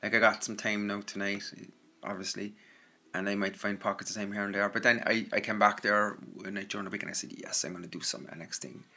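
A man's voice: lowish voice, monotone, quick pace, bright, forceful tone. An Irish man rambling casually through listener messages, self-deprecating and full of fillers. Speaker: audio content creator answering listener messages.

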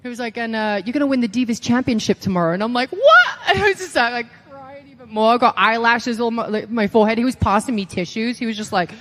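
A woman's voice: on the high side, quick pace, hardly any pauses, a little hiss or hum. A young woman guest on a talk show, telling stories casually, acting out quotes, laughing and swearing as she goes. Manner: animated storyteller, acts out quotes, swears, laughs often. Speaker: podcast guest, pro wrestler. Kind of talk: casual chat, storytelling.

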